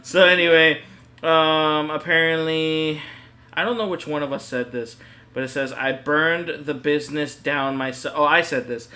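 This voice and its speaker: Bright-voiced young man, rambling chat. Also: on the high side, fairly even intonation, measured pace, poor audio. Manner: rambling, hesitant, laughs often. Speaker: gaming YouTuber co-host. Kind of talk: casual chat over a game stream.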